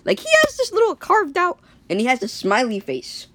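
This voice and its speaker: A woman's voice: sits high, huge pitch swings, normal speed, a bit bright, dry recording. Rambling young-sounding woman telling a story. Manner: rambling, full of likes and restarts. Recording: faint background noise.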